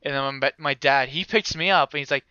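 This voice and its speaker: A young man tells a story among friends in a bright, crisp voice. He is animated, laughs through his lines and swears freely. The mic is close and dry. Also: mid-range voice, a little fast, dry recording, lo-fi sound. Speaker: storyteller in group chat. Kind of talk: casual chat.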